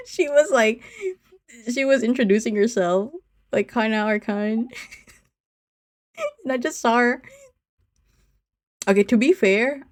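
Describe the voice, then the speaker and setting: A woman's voice: on the high side, takes it slowly, long pauses. A woman streamer chatting casually with her viewers in a teasing, giggly way, often saying she's only kidding.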